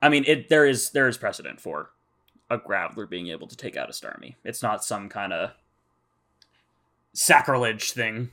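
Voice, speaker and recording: A man's voice: lowish voice, expressive, moderate pace, bright, forceful tone. A man co-hosting a casual podcast, recapping episodes with nerdy attention to detail. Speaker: podcast co-host.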